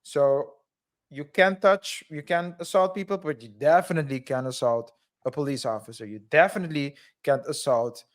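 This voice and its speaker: A man's voice: a little high, moderate pace. A man co-hosting a casual discussion show, joking and restarting his sentences as he talks. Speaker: podcast co-host. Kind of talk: casual chat.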